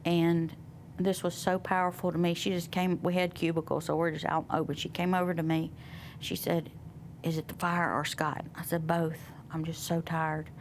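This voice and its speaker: Low, gravelly woman sharing her story. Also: little pitch movement, slight background noise. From Southern United States. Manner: soft, reflective, with many pauses and fillers. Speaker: interview guest. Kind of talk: personal testimony in conversation.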